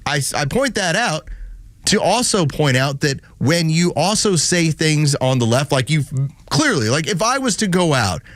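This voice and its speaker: A man's voice: a little high, normal speed, no room sound. Guy co-hosting morning radio, sarcastic, voice jumps all over, dry studio sound. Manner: animated, sarcastic, mocking. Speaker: radio co-host. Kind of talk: casual radio talk-show chat.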